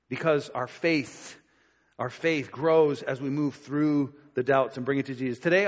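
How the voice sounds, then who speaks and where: A man preaches in a loose, conversational way, slipping into little acted-out voices as he tells the story. His voice sits a touch high for a man. The sound carries a long reverb, as if filling a big church hall. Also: a bit bright. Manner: conversational, acts out quoted voices. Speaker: pastor. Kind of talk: sermon.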